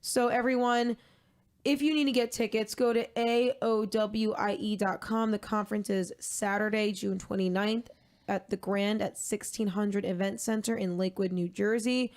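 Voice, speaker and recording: A young woman co-hosting a casual podcast chat. Her delivery is dry, deadpan and flat in tone, which she jokes about herself. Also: mid-range voice, normal speed. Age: young adult. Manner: dry and deadpan, self-described monotone. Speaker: podcast co-host.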